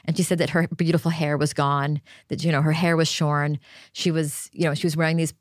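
A woman's voice: low voice, level tone, fairly quick, dry recording, studio quality. A woman guest on a podcast, retelling a story vividly with many "you know" fillers.

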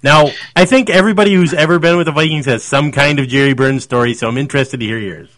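A man's voice: on the high side, fast talker, fairly bright tone. A man hosting a casual podcast, joking and teasing his guest. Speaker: podcast host.

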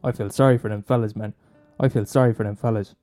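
A man's voice: fairly low pitch, steady tone, fast, dark tone, faint music behind. A young man doing a profane, mocking comic rant, rambling and swearing constantly. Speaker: comedian.

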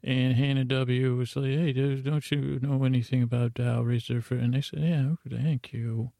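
A man hosting a bedtime podcast, telling a meandering, drowsy run of offbeat listener shout-outs. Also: medium pitch, level tone, moderate pace, vocal fry, dry recording. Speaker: podcast host. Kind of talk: rambling bedtime podcast storytelling.

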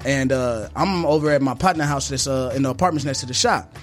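A barber telling a story in casual chat, animated, acting out the people in it, slangy and profane. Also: male voice, mid-range voice, fairly quick, faint music behind. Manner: animated, acts out voices in his story; slangy, profane street talk.

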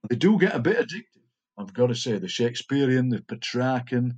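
Husky older man, chatty. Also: mid-range voice, very animated, fairly quick, a little mellow, lo-fi sound. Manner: enthusiastic, chatty storyteller. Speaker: poet guest. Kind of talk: casual interview chat.

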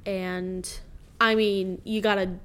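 A woman's voice: mid-range voice, little pitch movement, takes it slowly, fairly bright tone, clear, resonant tone. A young woman, a student, co-hosting a casual podcast chat, reacting with dry exasperation and laughter.

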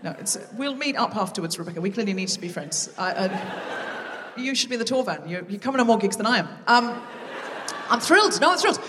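A woman hosting a live comedy podcast, chatting and teasing the audience from a theatre stage with quick asides. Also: a little high, lively intonation, noisy background. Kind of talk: live stand-up crowd work. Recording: live theatre recording with long reverb.

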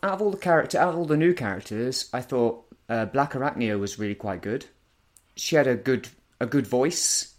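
Man, mid-pitched voice, casual chat, blunt, argumentative. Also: lively intonation, brisk, soft background music.

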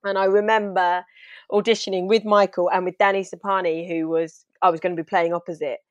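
Woman, actor guest on an interview, lively storyteller, dry close sound. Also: on the low side, fairly quick, no room sound, muffled recording. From half Trinidadian. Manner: animated storytelling, acts out her own past lines. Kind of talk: casual interview chat.

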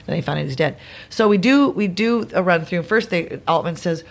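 A woman telling a long anecdote as a podcast guest, acting out the people in it with quick changes of voice. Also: fairly low pitch. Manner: animated, acts out the voices in her stories. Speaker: guest performer.

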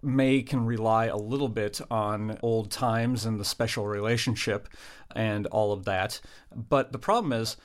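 A man, a political analyst explaining points fluently in a panel discussion. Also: lowish voice. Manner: fluent, explanatory, lightly jokey.

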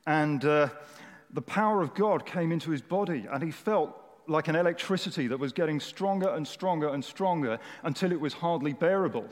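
A man preaching a sermon in a relaxed, conversational manner with touches of humor, his voice sitting a bit high for a man. The sound carries a long reverb from the hall he speaks in. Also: fairly quick. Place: church hall with a large audience. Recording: echoey hall.

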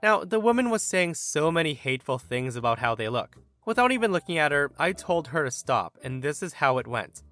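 Animated, bright-voiced male story narrator. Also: a little high, a little fast, hardly any pauses, faint music behind. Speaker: story narrator and podcast host. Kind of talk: reading internet stories aloud.

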